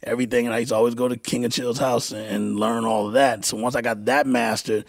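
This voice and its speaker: A middle-aged man, a music producer guest, telling stories in a casual interview, halting and repeating words as he acts out quoted dialogue. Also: medium pitch, little pitch movement, gravelly, no room sound, clean studio sound.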